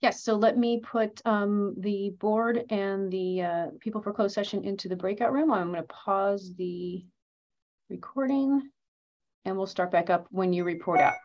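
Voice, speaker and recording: A woman's voice: medium pitch, unhurried, darkish tone. A woman running the meeting's recording, giving matter-of-fact procedural announcements. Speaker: meeting technician. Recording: dull lo-fi audio.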